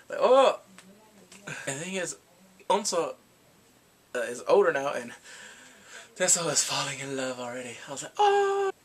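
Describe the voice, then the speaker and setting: A man giving a rambling, excitable casual recap of a TV drama, reacting with gasps and quoted asides. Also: a little high. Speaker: drama reviewer.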